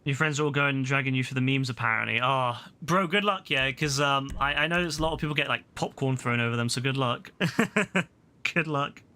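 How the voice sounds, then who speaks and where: Talking a little fast in a medium-pitched voice, a male streamer plays a game live and addresses his audience with excitable slang and offhand profanity.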